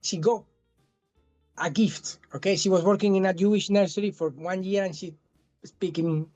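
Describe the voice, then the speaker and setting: Halting man with a thick Spanish accent. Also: high voice, steady tone, darkish tone, faint music behind. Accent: southern Spanish. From Spain. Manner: halting, many restarts and repeated words. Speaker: guest. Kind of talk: casual interview chat.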